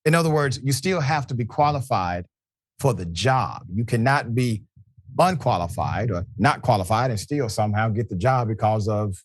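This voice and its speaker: A man's voice: on the low side, lively intonation, moderate pace, no echo, studio quality. Man hosting a live commentary show. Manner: pointed, conversational, addresses people directly.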